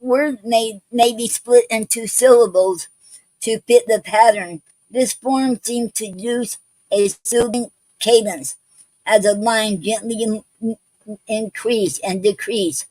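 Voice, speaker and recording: A woman's voice: fairly high pitch, steady tone, slow, a little mellow, dry recording, poor audio. A woman hosting an online poetry show, talking casually with many ums, restarts and repeated okays.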